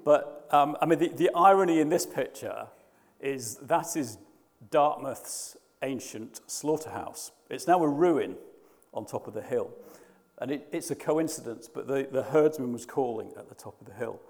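A man's voice: mid-range voice, expressive, normal speed, in a large hall. A man preaching a sermon, conversational and hesitant, often restarting his sentences. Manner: hesitant, frequent restarts and fillers.

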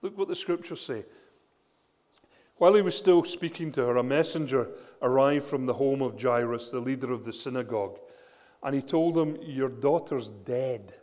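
Male preacher, animated storyteller, mid-pitched voice, long echo of a church hall. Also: moderate pace. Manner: animated storytelling, rhetorical questions. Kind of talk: sermon.

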